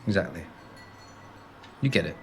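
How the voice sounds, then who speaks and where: A man's voice: low voice, animated, moderate pace, vocal fry, slight background noise. A man playing a cocky, guarded young man on a date in a game, with dry, flippant comebacks.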